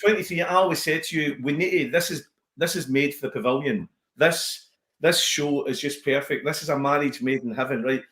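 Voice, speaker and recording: A Scottish man, a comedian, chatting casually on a podcast as an animated storyteller who slips into voices. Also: a little high, brisk, roomy sound. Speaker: comedian guest.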